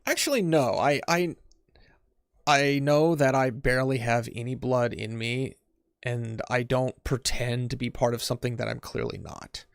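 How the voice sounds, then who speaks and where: A man's voice: mid-range voice, steady tone, moderate pace, gravelly, clear, resonant tone, no room sound, studio quality. A man on a casual podcast chat who often restarts his sentences and laughs along. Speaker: podcast co-host.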